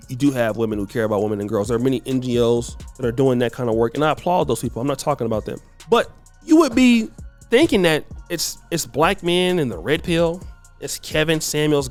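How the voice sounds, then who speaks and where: A man hosting an opinion commentary, talking emphatically and repeating himself as he builds his points. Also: fairly high pitch. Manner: emphatic, repetitive, conversational. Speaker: commentary channel host.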